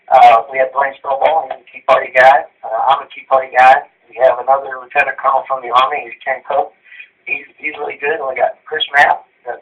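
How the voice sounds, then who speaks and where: A middle-aged man, a retired colonel running for the Senate, talking in a fired-up rush with frequent restarts in a political interview. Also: mid-range voice. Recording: muffled phone line, distant from mic.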